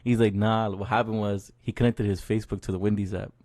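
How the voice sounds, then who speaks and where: A man's voice: lowish voice, level tone, fast talker, darkish tone, dry recording. A man co-hosting a podcast, casually telling a funny story with crude slang and laughter. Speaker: podcast co-host. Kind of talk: casual storytelling among friends.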